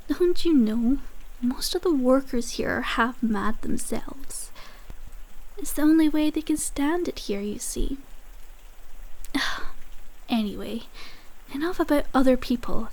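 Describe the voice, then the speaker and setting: A woman voicing a scornful yandere patient in an asylum, in a whispered role-play, slow and taunting with soft laughs. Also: high-pitched, low-quality recording. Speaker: ASMR role-play performer.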